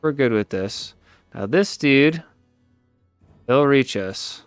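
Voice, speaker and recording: Smooth-voiced man thinking aloud while gaming. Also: mid-range voice, lively intonation, takes it slowly, dry recording, soft background music. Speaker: player and co-host. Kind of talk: casual gameplay commentary.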